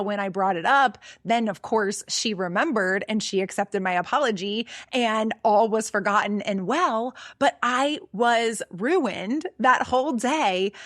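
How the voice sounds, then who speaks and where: A woman's voice: medium pitch, fairly bright tone, no room sound, clean studio sound. A middle-aged woman hosting a podcast, telling a personal story in an earnest, conversational way with plenty of fillers. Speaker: podcast host.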